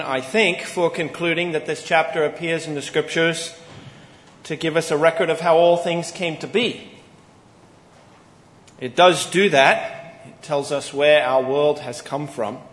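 A man preaching a Sunday morning sermon, earnest and emphatic, pausing deliberately on key phrases. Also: a little high. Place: church sanctuary. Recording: echoey church hall with long reverb.

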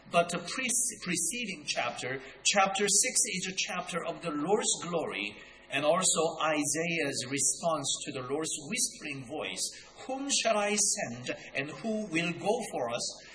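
Man preaching a deliberate sermon in an echoey hall. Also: on the high side, pushed and bright, a little hiss or hum. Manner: teaching slowly and deliberately, with some restarts. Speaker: pastor. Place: church sanctuary. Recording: echoey room.

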